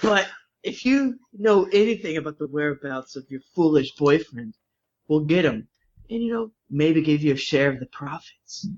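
A man playing a tabletop game with friends, joking around and talking in character. His voice swings widely in pitch, and the recording sounds dull and lo-fi. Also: very animated, normal speed. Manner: playful, joking. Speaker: player. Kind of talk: tabletop role-play.

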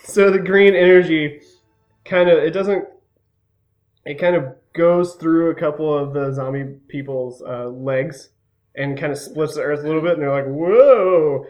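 During a tabletop role-playing session, this player's voice sits on the high side with a steady tone, heard over lo-fi sound. He describes his character's actions animatedly, with quick restarts and bursts of laughter.

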